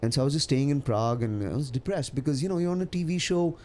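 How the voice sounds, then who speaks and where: A man with an Indian accent, a comedian chatting as a podcast guest, animated and quick to laugh. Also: mid-range voice. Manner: animated storyteller, laughs often, many restarts. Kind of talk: casual podcast chat.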